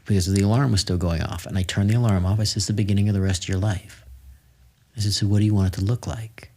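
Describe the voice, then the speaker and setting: Low-voiced middle-aged male podcast host. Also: steady tone, fast talker, a little mellow. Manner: candid storyteller, self-deprecating jokes. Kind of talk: conversational interview.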